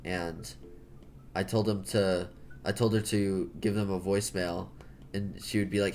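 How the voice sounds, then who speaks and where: A man's voice: sits low, little pitch movement, unhurried, darkish tone, slight background noise. A man with an American accent chatting casually while he draws, rambling, jokey and correcting himself. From United States. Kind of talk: casual chat while drawing.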